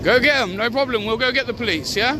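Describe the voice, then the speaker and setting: A man's voice: very high-pitched, quick pace, music in the background. A man, an auditor filming officials on a city street, argues and repeats himself insistently into a handheld camera. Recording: loud street noise.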